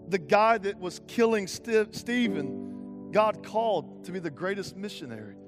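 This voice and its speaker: A young male pastor preaches with a high, bright voice and real passion. He swings from rousing calls down to hushed, intense moments and drops casual slang into the sermon. Faint music plays softly underneath. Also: expressive, normal speed. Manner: impassioned, rising to urgent calls then dropping to quiet intensity.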